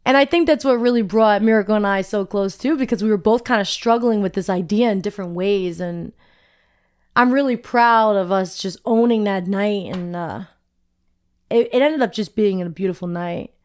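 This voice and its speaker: A woman's voice: mid-range voice, normal speed, darkish tone, clean tone. A young woman vlogger telling a personal story in a candid, chatty way, often saying "like".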